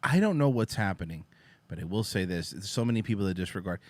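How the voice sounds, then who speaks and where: A man's voice: lowish voice, expressive, fast talker, a little mellow, no echo. A man hosting a casual chat show, talking bluntly and profanely and lecturing. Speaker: host.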